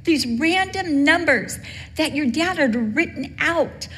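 A woman's voice: high-pitched, animated, takes it slowly, a bit bright, voice pushed up, exaggerated voice. A woman putting on her tender old mother. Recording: long hall reverb, faint background hum.

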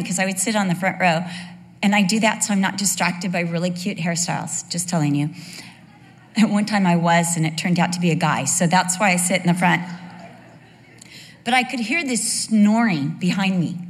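A woman's voice: medium pitch, a bit bright. A woman, a pastor's wife, giving a candid and humorous church talk full of personal asides. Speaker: pastor's wife speaking to a congregation. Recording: long hall reverb.

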